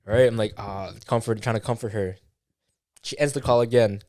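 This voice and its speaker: A man's voice: fairly low pitch, steady tone, normal speed, darkish tone, dry recording, studio quality. A young man, a podcast co-host, telling a casual story with lots of swearing and acted-out quotes of what was said. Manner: swearing, acts out quoted dialogue, many fillers.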